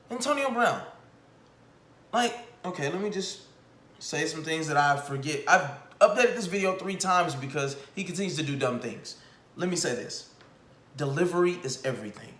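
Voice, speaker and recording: A man's voice: fairly high pitch, lively intonation, normal speed, fairly bright tone. Brief: young man, raised voice, ranting vlog commentary, mocking and exasperated, roomy echo. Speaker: commentary vlogger. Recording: echoey room.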